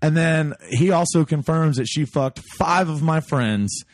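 A man's voice: a little high, measured pace, dry recording, studio quality. A man telling a crude personal story, swearing a lot and acting out what people said. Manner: animated, swears constantly, acts out quotes.

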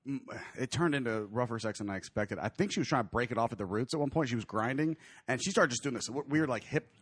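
A man telling loose, crude stories in casual banter, often breaking into laughter as he goes. His voice sits at an ordinary middle pitch. It is recorded close and dry, with no room sound. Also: quick pace, slightly rough, dry recording. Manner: laughs often mid-story, loose and rambling. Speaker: podcast host reading quiz questions.

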